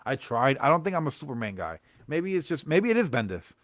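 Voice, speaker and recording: A man's voice: mid-range voice, very animated, brisk, no echo. Rambling young man chatting casually. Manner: rambling, laughing, frequent fillers and slang. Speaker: comics livestream host. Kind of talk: casual livestream chat.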